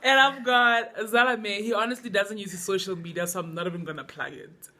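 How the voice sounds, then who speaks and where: A woman's voice: medium pitch, steady tone, brisk, bright, forceful tone, a little hiss or hum. A young South African woman hosting a casual vlog chat, bubbly and laughing often, jumping in over her guests. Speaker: vlog host.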